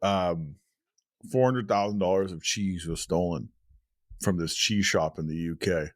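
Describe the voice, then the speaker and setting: A man's voice: sits low, unhurried, no room sound, studio quality. A man co-hosting a food podcast, rambling casually with lots of fillers. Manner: rambling, filler-heavy, laughs often. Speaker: podcast co-host.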